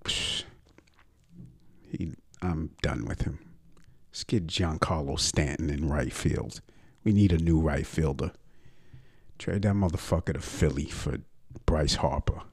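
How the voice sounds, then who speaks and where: This is a young man ranting on a sports podcast. His voice is very deep and husky, and he talks at an unhurried pace. He is brash and profane, mocking his own teams' players. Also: a little mellow.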